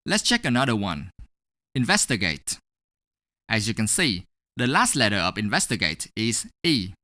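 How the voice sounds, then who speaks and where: A man teaching an English pronunciation lesson, explaining clearly and step by step in a scripted voice-over. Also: fairly low pitch, sing-song, moderate pace, sharp tone, no room sound, studio quality.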